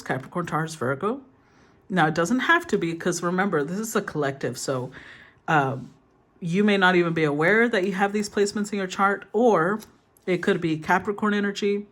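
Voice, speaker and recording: A woman giving a casual tarot reading, soothing in tone, thinking aloud and rephrasing as she goes. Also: fairly low pitch. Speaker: tarot reader.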